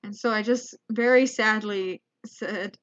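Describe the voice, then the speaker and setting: A woman's voice: medium pitch, steady tone, a little slow, a bit bright, highs cut off. A young woman, a comedian, telling a rambling, self-deprecating travel story as a vlog monologue. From United States. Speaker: comedian vlogger.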